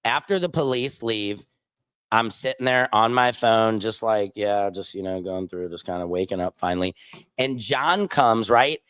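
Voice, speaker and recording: A man's voice: lowish voice, moderate pace, fairly bright tone, smooth, no room sound. A man hosting a casual livestream, telling rambling anecdotes full of fillers and asides. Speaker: host. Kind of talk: casual livestream chat and storytelling.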